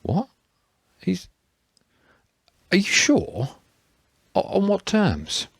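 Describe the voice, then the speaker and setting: A man's voice: medium pitch, very animated, quick pace, husky, dry recording, studio quality, pitched above the performer's own voice. A man voicing an anxious, careful middle-aged man in an audiobook reading.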